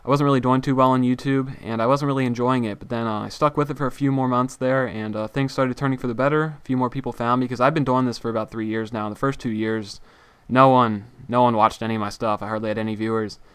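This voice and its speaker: A man's voice: mid-range voice, steady tone, fast, a bit bright, smooth, no echo. A young man answering viewer questions in a casual gaming vlog, breezy and joking. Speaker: gaming YouTuber.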